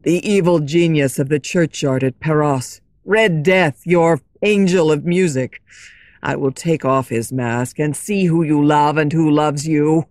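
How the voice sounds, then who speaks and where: Woman doing a jealous young lover, lower voice, bitter and pleading, storybook reading. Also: unhurried, a little mellow, no echo. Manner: pleading, accusing.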